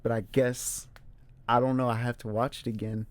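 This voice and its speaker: A young man talks casually about a film he loves, with an animated way of retelling scenes. His voice sits at a medium pitch. The sound is dry and close, with no room echo. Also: moderate pace. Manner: animated retelling, acts out character quotes. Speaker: movie reviewer host.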